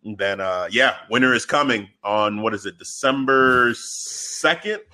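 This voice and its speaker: A man co-hosting a podcast, telling stories in a loose, slangy, animated way. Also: mid-range voice, a little slow. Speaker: podcast co-host. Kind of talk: casual chat.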